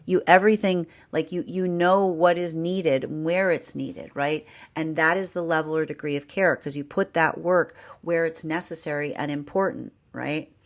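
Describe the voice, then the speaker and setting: A woman's voice: sits low, fairly even intonation, normal speed, hardly any pauses. A woman reading tarot cards and talking through the energy in a chatty way, full of "like" and "right?", with frequent laughs. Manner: chatty, repeats herself, laughs often, says "right?" and "like". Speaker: tarot reader. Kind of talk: casual spiritual talk.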